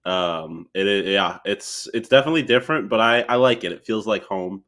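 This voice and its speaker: A man's voice: fairly low pitch, a little fast, fairly bright tone. A young man in his twenties, a podcast guest chatting casually and rambling with many restarts. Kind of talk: casual chat.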